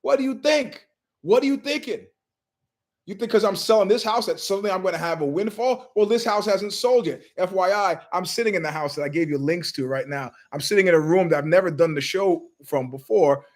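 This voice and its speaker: A man's voice: high voice, fairly quick, hardly any pauses. A man hosting his own show, rambling through stories from his living room and acting out the voices of people he quotes. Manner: storytelling, acts out quoted voices. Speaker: show host. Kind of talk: rambling monologue.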